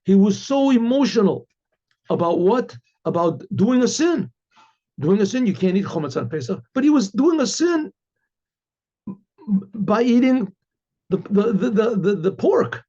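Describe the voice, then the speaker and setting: A man with a high, husky voice tells a story as a rabbi, acting out the people in it and often clearing his throat and restarting words. His tone is mellow and dark. The recording is dull and lo-fi. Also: measured pace, pauses often. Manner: animated retelling with acted quotes, frequent throat-clearing and restarts. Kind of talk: storytelling talk.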